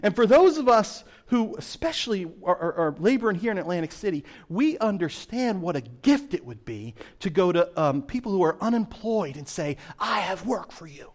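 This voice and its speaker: Animated preacher man, dramatic swings. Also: sits high, normal speed, hardly any pauses. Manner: dramatic swings between loud emphasis and hushed asides. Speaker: pastor. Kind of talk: sermon.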